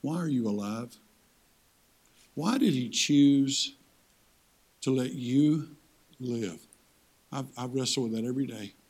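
An older man preaching a folksy sermon as guest speaker, swinging from loud, high-pitched exhortation to hushed, low appeals. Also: animated, takes it slowly, long pauses.

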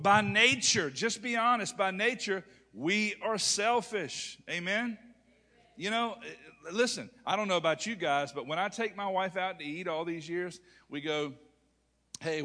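A man, preaching a sermon to a congregation, calling out to the crowd and building to shouted peaks. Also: sits high. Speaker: pastor. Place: church sanctuary with congregation. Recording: long hall reverb.

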